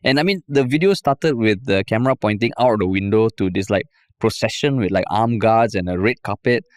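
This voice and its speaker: A man's voice: on the low side, a little fast, darkish tone, dry recording, studio quality. A Singaporean man co-hosting a podcast, telling stories in a casual, wry way with a Singaporean English accent. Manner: wry, laid-back, says "lah" and "man". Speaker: podcast co-host. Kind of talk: casual chat.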